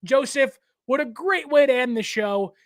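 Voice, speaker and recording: A young man hosting a casual sports talk show, given to animated joking rants. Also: very high voice, normal speed, dry recording, clean studio sound. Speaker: show host.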